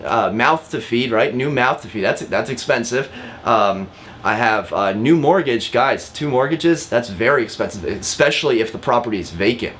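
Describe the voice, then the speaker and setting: Man, real estate agent, casual teaching talk, direct, repeats words, average pitch, faint background hum. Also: lively intonation, normal speed, a bit bright. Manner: chatty and direct, often calls viewers guys; frequent fillers and repeated words.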